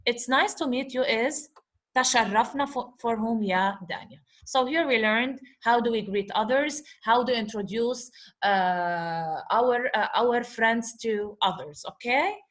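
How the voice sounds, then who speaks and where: A woman with a somewhat high voice teaches Arabic vocabulary in English. She walks through a dialogue, asks her class questions, answers them herself, and goes over each point twice. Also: measured pace, fairly bright tone. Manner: talks to her class as guys. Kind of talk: explaining vocabulary from a lesson dialogue.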